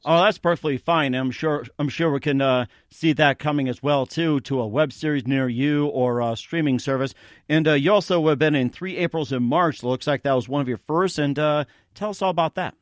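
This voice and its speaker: A man's voice: a little high, dry recording, studio quality. Rambling radio show host, a man. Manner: rambling, halting with repeated starts. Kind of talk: casual interview chat.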